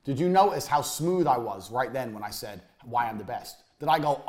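A man teaching a motivational business course. He talks bluntly, swears, repeats his points for emphasis and lets phrases sink to a low, trailing finish. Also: animated, normal speed, hardly any pauses, a little mellow. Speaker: course instructor.

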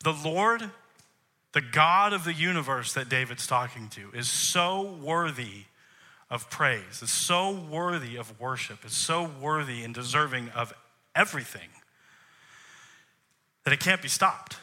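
A man's voice: fairly high pitch, animated, measured pace, sharp tone. A man, a worship leader, preaching a sermon in an emphatic way, posing rhetorical questions to the congregation.

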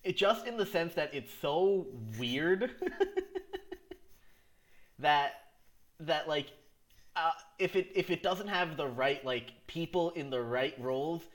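A man's voice: on the high side, slow pace, pauses often. A man co-hosting a podcast, recapping a comedy sketch in casual chat, rambling with frequent laughs and restarts. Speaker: podcast co-host.

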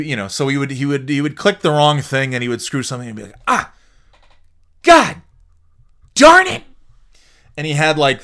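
A man's voice: medium pitch, a bit bright. A middle-aged man hosting a podcast in casual chat, rambling and restarting sentences, swearing casually and laughing often. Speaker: podcast host.

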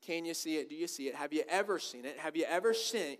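A man's voice: on the high side, quick pace, hardly any pauses. A man preaching a sermon, emphatic and full of repeated rhetorical questions.

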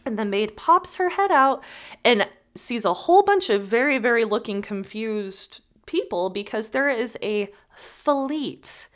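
A woman's voice: a little high, measured pace. A woman hosting a podcast, telling a story in casual chat, acting out the people in it and swearing freely. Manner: animated, acts out characters and knocks, swears freely. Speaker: podcast host.

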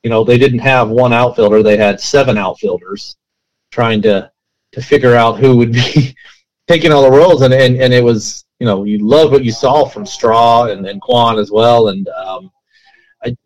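A man's voice: mid-range voice, moderate pace, lo-fi sound. A man co-hosting a casual sports podcast, rambling with many restarts. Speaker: co-host.

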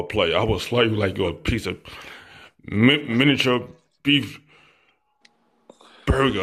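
A man's voice: on the low side, vocal fry, fairly bright tone. A man in casual chat, out of breath, boasting and firing off trash talk at the others.

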